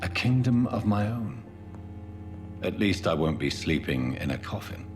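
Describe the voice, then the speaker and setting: A man voicing a brooding male vampire doctor in a video game, speaking in a measured, solemn way. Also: low-pitched, sing-song. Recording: game audio with music underneath.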